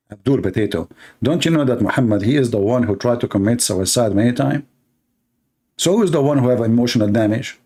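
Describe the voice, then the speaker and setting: A man's voice: mid-range voice, darkish tone. A man from the Middle East, a native Arabic speaker with an Arabic accent, hosting a live debate in a sarcastic, mocking manner. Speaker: online debate host.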